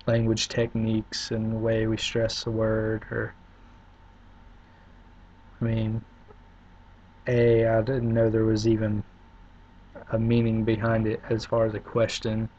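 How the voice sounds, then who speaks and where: Man, Upstate South Carolina accent, young adult, low voice, monotone, halting with many ums, dull lo-fi webcam sound. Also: slight background noise. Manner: relaxed, halting, many "um" pauses. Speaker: vlogger. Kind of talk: casual video reply.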